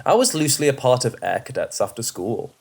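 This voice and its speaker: Man, horror story narrator, mid-pitched voice, steady measured reading. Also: gravelly. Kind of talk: scripted first-person narration.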